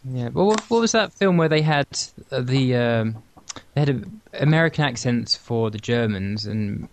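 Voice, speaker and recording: Male guest voice, mid pitch, relaxed and halting. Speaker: podcast co-host. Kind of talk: casual film discussion.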